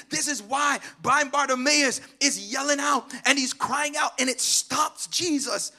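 A male pastor preaching with passion in a sing-song cadence, swinging between shouts and hushed asides and calling on the congregation to respond. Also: very high voice, measured pace, few pauses. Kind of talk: sermon.

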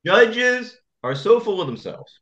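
Animated male attorney, lo-fi sound. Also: sits high, measured pace, a crowd in the background. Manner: emphatic, repetitive storytelling. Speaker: attorney guest. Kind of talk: interview conversation.

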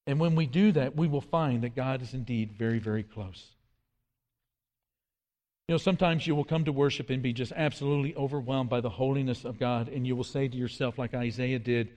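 Earnest preacher in an echoing hall. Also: male voice, medium pitch, a little fast, darkish tone. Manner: earnest, emphatic preaching with repeated words and quoted scripture. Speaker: pastor. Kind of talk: sermon. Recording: long hall reverb.

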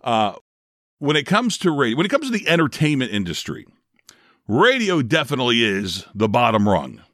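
Talking on his own in a casual podcast monologue, this middle-aged Northeast Ohio man, once a radio DJ, is chatty and quick to poke fun at himself. His voice is mid-range and fairly bright, swooping wildly in pitch at a moderate pace, with a dry, studio-quality recording.

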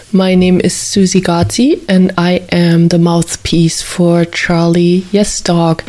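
A woman host talks listeners through a quiet guided reflection at an unhurried, deliberate pace. Her voice sits a little low, and she asks one soothing question after another. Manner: slow, soothing, asks many gentle questions.

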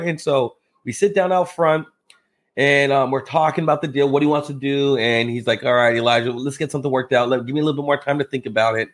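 A man telling a story as a podcast guest, acting out the people in it with lively jumps in his voice. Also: quick pace. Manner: animated, acts out quotes with big pitch jumps. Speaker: podcast guest, real estate investor. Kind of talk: casual storytelling in conversation.

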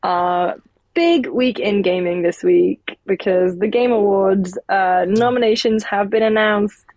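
A woman's voice: mid-range voice, unhurried, a little mellow, dry recording. A sleepy British woman hosting a podcast from an attic room, chatting loosely and swearing casually. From England. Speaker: podcast host. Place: attic room at her mother's home.

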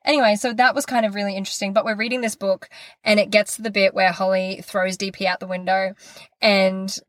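A woman's voice: mid-range voice, flat delivery, a little fast, fairly bright tone, dry recording, studio quality. A woman in her thirties co-hosting a podcast, chatting casually and acting out quoted dialogue as she tells a story. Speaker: podcast co-host. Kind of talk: casual chat.

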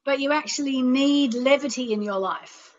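Woman host, calm guide and chatty with callers; a little high-pitched, lo-fi sound. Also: normal speed. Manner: soothing and chatty, leads chants. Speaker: radio show host and astrologer. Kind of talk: guided meditation and call-in chat. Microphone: plain microphone without reverb.

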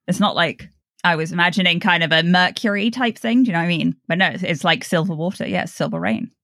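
A woman's voice: fairly low pitch, quick pace, fairly bright tone, dry recording, studio quality. A woman co-hosting a book podcast, jokey and self-deprecating, laughing often. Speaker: book club podcast co-host. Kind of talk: casual chat.

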